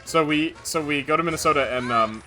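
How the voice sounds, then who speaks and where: A man streaming a video game live, chatting casually and rambling through animated anecdotes. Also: fairly high pitch, a little fast, soft background music.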